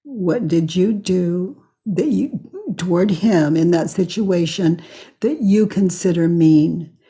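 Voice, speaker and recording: Slow, calm older woman guiding inquiry. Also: on the low side, slightly rough. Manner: slow, calm and questioning, acts out quoted lines. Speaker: facilitator of self-inquiry sessions. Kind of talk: guiding a client through inquiry.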